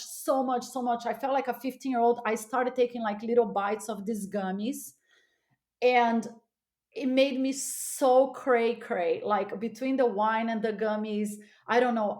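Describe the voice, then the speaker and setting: A woman guest on a podcast telling a candid, animated story, often laughing and repeating words for emphasis. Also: fairly high pitch, measured pace.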